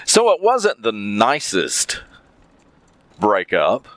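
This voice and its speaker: A man's voice: lowish voice, huge pitch swings, very slow, a bit bright, dry recording. A man telling a story in a casual monologue, repeating phrases for emphasis.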